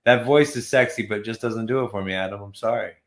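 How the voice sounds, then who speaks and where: A man's voice: fairly low pitch, quick pace, reverberant. A man hosting a casual talk show, chatting in loose, profane, jokey banter. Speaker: podcast host. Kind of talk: casual interview chat.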